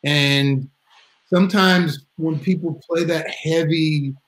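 A man's voice: on the high side, steady tone, takes it slowly, a bit bright, rough recording. A middle-aged man telling a story in a casual live video chat, rambling with restarts and acting out quotes. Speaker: drummer guest. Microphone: video call.

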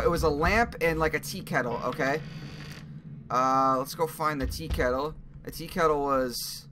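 A young man playing a horror game, talking through it in an excitable, jumpy way and swearing at scares. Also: a little high, normal speed, a little hiss or hum. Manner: excitable, jumpy reactions, swearing, thinking aloud. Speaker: gaming YouTuber. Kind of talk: let's play commentary.

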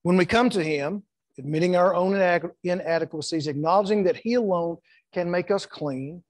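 A man's voice: high voice, a little fast, no echo. A middle-aged man preaching a church sermon, emphatic, repeating words and acting out quotes. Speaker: pastor. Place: church sanctuary.

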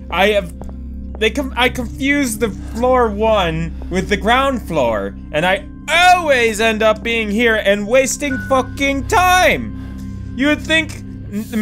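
A man giving excitable, swearing let's play commentary as a gaming YouTuber, laughing often. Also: high-pitched. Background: game music.

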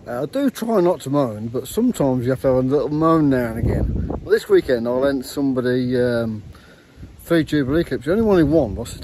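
A man's voice: mid-range voice, animated, a little fast, mellow. A middle-aged man and racing driver chatting casually in a rambling vlog, full of restarts. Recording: noisy outdoor recording.

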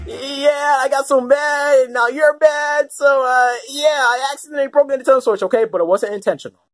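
A woman's voice: high-pitched, brisk, soft background music, lightly acted. A woman voicing a panicky, melodramatic young male Koopa who whines and stammers in a puppet comedy skit. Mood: pleading.

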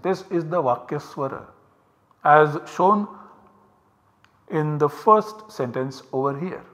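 Male lecturer, bright and fairly high voice, explains step by step. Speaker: university lecturer. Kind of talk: recorded academic lecture. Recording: long hall reverb.

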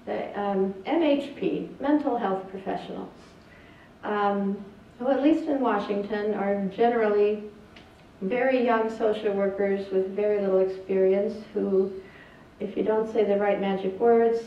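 Older woman, doctor giving a talk; earnest, halting; far off, echoey hall, dull lo-fi sound. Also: mid-range voice, a little hiss or hum. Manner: earnest and plainspoken, with hesitations. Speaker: speaker telling a family story. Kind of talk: presentation. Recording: distant echoey lo-fi hall recording.

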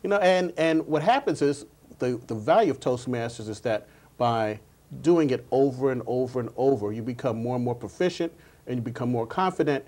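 A man's voice: mid-range voice, a little fast, warm tone. A man who coaches public speaking, a guest on a TV talk show, telling stories earnestly and often repeating his words. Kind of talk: interview answers.

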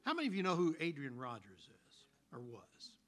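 A man preaching a sermon, telling stories in an animated, folksy way. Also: on the high side, a little fast. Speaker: pastor.

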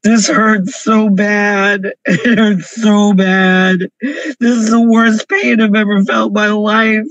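A man's voice: high voice, level tone, slow pace, a bit bright, no echo, lo-fi sound. A man crying through an emotional confessional vlog, pleading and repeating himself over and over from his parked car. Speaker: vlogger.

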